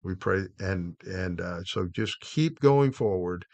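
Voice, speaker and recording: A middle-aged man giving a devotional Bible teaching, unhurried, often pausing with "uh" and restarting phrases. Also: sits low, lively intonation, vocal fry, no room sound. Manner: unhurried, with frequent "uh" pauses and restarts.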